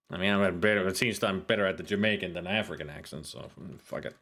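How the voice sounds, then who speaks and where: A man's voice: low-pitched, quick pace, hardly any pauses, fairly bright tone. A man streaming a game, reading its text aloud and joking about his own accents. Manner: joking, self-mocking asides. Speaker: streamer playing a video game.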